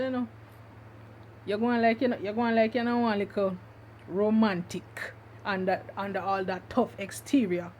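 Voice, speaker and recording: A woman's voice: medium pitch, expressive, normal speed, darkish tone, a little hiss or hum. Chatty Jamaican woman reacting to music. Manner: chatty, mixes in patois, repeats herself. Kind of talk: casual reaction commentary.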